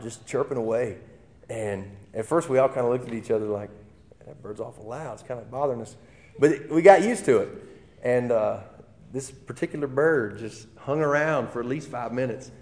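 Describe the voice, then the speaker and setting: A man preaching a sermon in a relaxed, conversational way, with fillers and restarts. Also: mid-range voice, moderate pace. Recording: long hall reverb.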